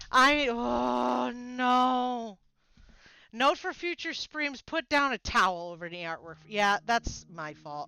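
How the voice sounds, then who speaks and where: A woman art vlogger chatting casually while she draws, slipping into baby talk for her pet birds and reacting with big expressive outbursts. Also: on the high side. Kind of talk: casual chat while drawing on a stream.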